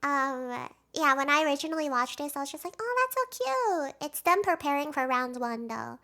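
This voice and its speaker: A young woman doing casual video commentary as a fan, rambling and emotional, swinging between hushed talk and excited outbursts. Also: sits high, brisk. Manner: rambling, with fillers and restarts.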